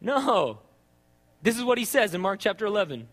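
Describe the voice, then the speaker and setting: A man preaching a sermon in an animated, conversational way, often checking in with "right?". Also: sits high, normal speed, in a large hall.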